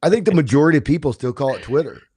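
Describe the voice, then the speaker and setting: A man's voice: fairly high pitch, lively intonation, racing, dark tone, husky, no echo. A man co-hosting a church podcast, chatting casually and joking with his co-host. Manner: playful, jokey, breaks into laughter. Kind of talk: casual banter.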